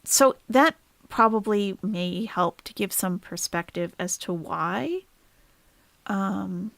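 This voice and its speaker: A woman's voice: mid-range voice, takes it slowly, gravelly, no room sound. A woman hosting a casual reaction livestream, chatty and blunt, reading viewer comments. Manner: chatty, swings from soft sympathy to blunt profane ranting.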